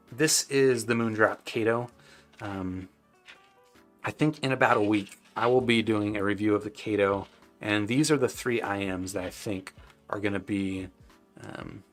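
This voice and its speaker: A man's voice: lowish voice, a bit bright. A man hosting a live stream, casually answering viewers' chat questions with loose, rambling talk full of fillers and restarts.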